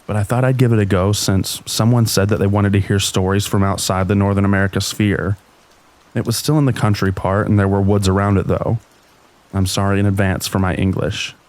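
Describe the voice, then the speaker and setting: A man with a deep voice reading scary stories in a slow, even storytelling manner. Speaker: narrator. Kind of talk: scripted narration of scary stories.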